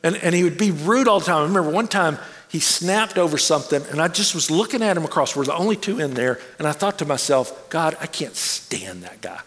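A man preaching a sermon, telling a personal story in an animated way and acting out the people he quotes. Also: on the high side, quick pace, few pauses. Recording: long reverb of a large hall.

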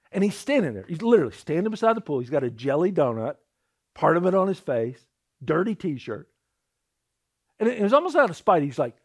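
A man's voice: on the high side, very animated, fast talker, creaky. A man preaching a sermon, telling a personal story and acting out the voices in it, often repeating words as he starts a thought. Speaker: pastor.

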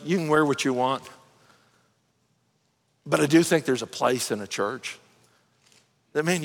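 A man's voice: a little high, a bit bright. A middle-aged man preaching a conversational sermon as pastor, earnest and folksy, often restarting his sentences. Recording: long reverb of a large hall.

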